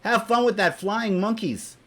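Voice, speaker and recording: Speaking at a measured pace, this high-voiced man delivers a profane, exasperated opinion rant to his viewers on camera. He trips over his words and repeats phrases as he gets worked up. His volume lurches between loud outbursts and muttered asides.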